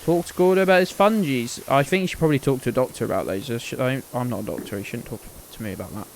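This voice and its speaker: A man's voice: mid-range voice, fast, vocal fry, a little hiss or hum, low-quality recording. A man streaming a game, chatting casually to his viewers in a rambling, sweary, joking way.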